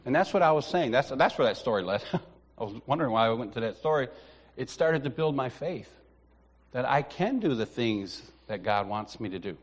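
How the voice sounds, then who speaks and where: A man's voice: medium pitch, lively intonation, a little fast. A man giving a sermon in a church, telling a personal story with acted-out dialogue and laughing at himself. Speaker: lay preacher. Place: church sanctuary. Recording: long hall reverb.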